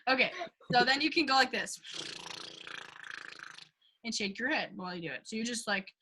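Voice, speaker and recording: A woman's voice: a little high, animated, normal speed, heavy background noise. A young woman casually leading a singing class, chatty and giggly, with lots of ums and likes and short sung demonstrations. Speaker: singing workshop leader.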